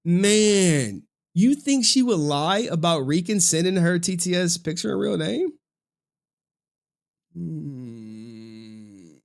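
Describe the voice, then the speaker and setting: A man streaming reaction commentary in an animated, profane way, often breaking into laughter. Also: high voice, a little slow, vocal fry.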